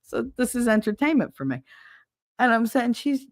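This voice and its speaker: A woman's voice: a little high, big pitch swings, normal speed, no room sound, clean studio sound. A middle-aged woman hosting a stream, telling a funny story in a casual, profane way and mimicking other people with squeals. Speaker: stream host.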